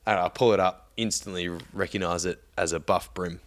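A man's voice: low voice, steady tone, a little fast. A man casually telling a story on a podcast, laid-back, swearing often and laughing along.

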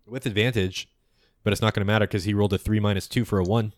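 A man's voice: lowish voice, steady tone, quick pace, no room sound. A man running a tabletop game as game master, narrating and calling rolls.

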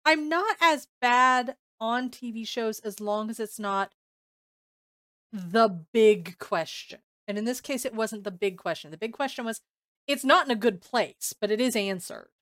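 A woman's voice: fairly high pitch, unhurried, no echo. Chatty woman with a dry, close sound. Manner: animated, acts out her own reactions. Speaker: podcast co-host. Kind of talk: casual chat about books.

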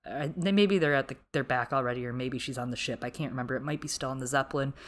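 A woman co-hosting a podcast, recapping a TV episode in casual chat with emphatic, animated storytelling. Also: very deep voice, quick pace. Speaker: podcast co-host.

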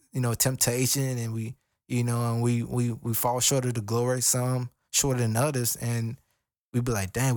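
A man's voice: medium pitch, no room sound. Earnest man preaching informally, dry sound. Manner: conversational and earnest, with repeated phrases and slang. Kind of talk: informal sermon.

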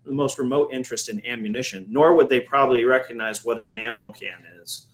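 A middle-aged man who owns a coffee shop and hosts a podcast tells a long story in a casual chat. His medium-pitched voice moves quickly with fairly even intonation, over a rough recording. He rambles anecdotally, with many restarts and fillers.

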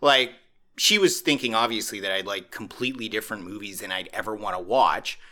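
A podcast host chatting casually and telling a rambling, animated story. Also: male voice, lowish voice, brisk.

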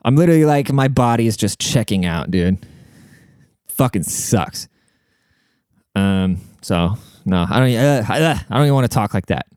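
A podcast host who also raps gives relationship advice in loose, rambling bro-talk packed with swearing and filler words. His medium-pitched voice is animated and brisk, with a darkish, clean tone, recorded studio-quality with no echo.

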